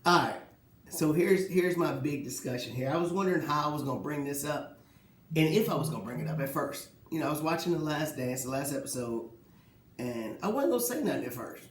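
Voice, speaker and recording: Animated man ranting about sports, echoey room. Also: fairly high pitch, brisk. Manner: animated, rhetorical questions, mocking quotes. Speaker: sports talk host. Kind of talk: casual solo sports commentary.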